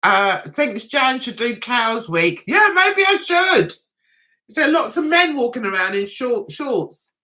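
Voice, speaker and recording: A middle-aged British woman chats with her viewers on a live stream, reading out their comments and giggling at herself often. Her voice is bright and fairly high. It swoops up and down a lot while she talks at an easy, unhurried pace. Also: sing-song. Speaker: vlogger hosting a live chat.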